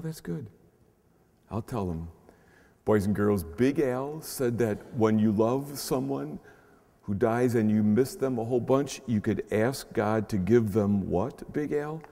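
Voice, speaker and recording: A man, a pastor, preaching earnestly with slow pauses and swelling emphasis, and speaking gently to children. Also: on the low side. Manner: gentle, playful talk to children. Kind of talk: sermon. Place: large church shrine. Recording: long echo of a large church.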